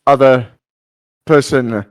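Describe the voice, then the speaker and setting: Game master, man, mid-pitched, teasing, halting restarts, voice-call mic. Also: fairly even intonation. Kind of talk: casual chat over voice call.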